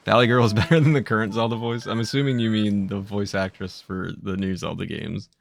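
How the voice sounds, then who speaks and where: A man's voice: lowish voice, fairly even intonation, brisk, creaky, slight background noise. A man streaming a video game live, chatting and rambling casually with viewers.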